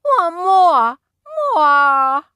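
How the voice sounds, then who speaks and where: A woman doing a shrill, demanding little toddler boy. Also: very slow, pushed and bright, no room sound, studio quality, exaggerated voice. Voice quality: high shrill childish voice.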